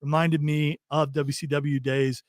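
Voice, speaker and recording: A man from Ohio hosting a loose, joking chat and reading comments from the stream. His voice sits a bit high for a man and is recorded dry and close, with no room sound. He rambles and laughs easily. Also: level tone, measured pace, no room sound. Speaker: podcast co-host.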